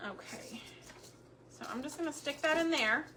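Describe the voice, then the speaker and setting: A middle-aged woman chatting casually on a homemaking livestream, searching for words between fillers, her throat a bit hoarse. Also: high voice, moderate pace, a little hiss or hum. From Texas. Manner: chatty, warm Southern drawl with frequent fillers and word searches.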